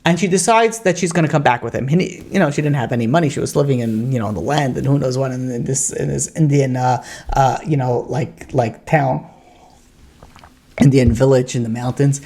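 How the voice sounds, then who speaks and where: A man who is a rabbi, telling a story in a sermon in a loose, conversational way, with plenty of "you know" and "like" asides. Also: a little fast. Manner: gets louder and higher when quoting the story's characters.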